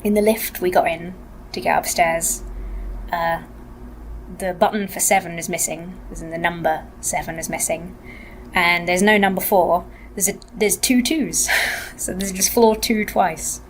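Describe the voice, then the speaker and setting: A woman's voice: steady tone, a little slow. Tired woman rambling into a noisy webcam. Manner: rambling, soft-spoken, drifting into whispers. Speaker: vlogger and actor. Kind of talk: casual webcam vlog. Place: hotel room. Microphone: laptop webcam. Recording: noisy low-quality webcam audio.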